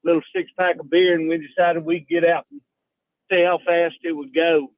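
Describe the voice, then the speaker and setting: Over a tinny phone connection, a Texan man calls a radio program and spins a folksy tale at a moderate pace. His slightly high, gravelly voice swings widely in pitch, with no room sound.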